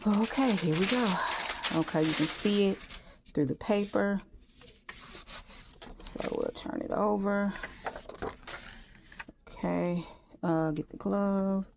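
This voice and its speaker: A woman chatting casually and excitedly while making a gift on camera, full of exclamations. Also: mid-range voice, slow, creaky, long pauses, noisy background. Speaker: crafter vlogger. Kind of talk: casual talk while crafting.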